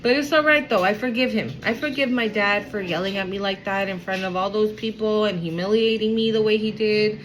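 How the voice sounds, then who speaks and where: A woman's voice: medium pitch, fairly even intonation, brisk, few pauses, a little hiss or hum, low-quality recording. A woman giving a casual tarot reading to an online audience, blunt, profane and emphatic. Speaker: tarot card reader.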